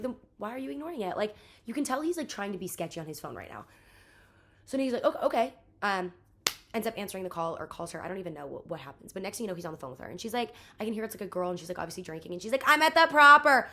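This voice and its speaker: A young woman in her twenties telling a rambling storytime vlog, venting and exasperated, full of "like" and acted-out quotes. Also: mid-range voice. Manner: rambling, heavy use of "like", quoting others. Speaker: vlogger.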